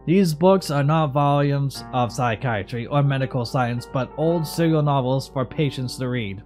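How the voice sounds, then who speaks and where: A man's voice: medium pitch, animated, moderate pace, few pauses, a little mellow, soft background music. A man casually commenting while playing a video game, joking about what he sees. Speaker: gamer. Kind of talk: let's play commentary.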